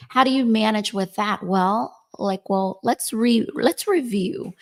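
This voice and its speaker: A woman in her forties with a creaky, mid-range voice co-hosts a podcast. She keeps the conversation chatty and casual, often closing a point with "right?".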